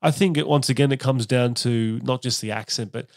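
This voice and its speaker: Animated male comedian hosting a chat. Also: medium pitch, a little fast, dry recording, clean studio sound. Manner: animated, breaks into impressions and laughs. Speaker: podcast host, comedian. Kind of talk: casual chat interview.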